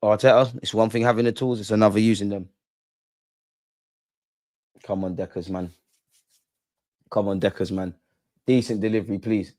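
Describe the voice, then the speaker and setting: A man's voice: lowish voice, steady tone, normal speed, long pauses, darkish tone. A man reacting live to a football match, emotional and slangy. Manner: emotional, talks at players and referee on screen; casual slangy speech with swearing. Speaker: football watch-along host.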